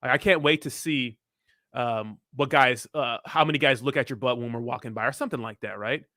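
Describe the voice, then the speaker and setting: A man's voice: medium pitch, a little fast, pushed and bright, no room sound, clean studio sound. A young man hosting a casual livestream, answering viewer comments in a blunt, profane, rambling way. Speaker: crypto livestream host.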